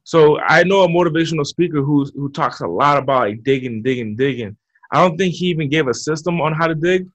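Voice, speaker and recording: A man with a somewhat high voice speaks with coaching energy, circling back and repeating himself as he builds his point. The sound is dull and lo-fi, like a muffled podcast feed. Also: fairly quick, a bit bright. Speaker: guest. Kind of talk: motivational interview talk. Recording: muffled lo-fi audio.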